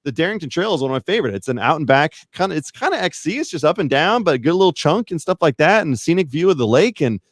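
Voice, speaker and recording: A man's voice: fairly high pitch, big pitch swings, fast talker, hardly any pauses, no room sound, studio quality. A man, a podcast guest, chatting casually in a rambling, self-deprecating way that hedges a lot. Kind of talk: casual chat.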